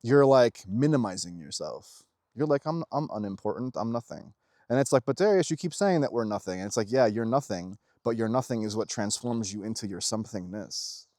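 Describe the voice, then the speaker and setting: A young man giving a casual, emphatic spiritual monologue as host of his own channel, swearing freely and shifting quickly in intensity. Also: lowish voice, expressive, dark tone, no room sound, clean studio sound.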